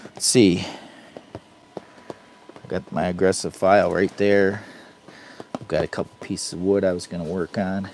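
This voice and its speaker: A folksy man talking away in a tent while it rains, greeting his viewers by name and chatting about his fire and his whittling. His voice sits a little low, and a faint patter of rain and clicks sits behind him. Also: level tone, measured pace, pauses often, darkish tone, slight background noise. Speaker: camping vlogger. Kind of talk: casual live-stream chat. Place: inside a heated tent in the rain.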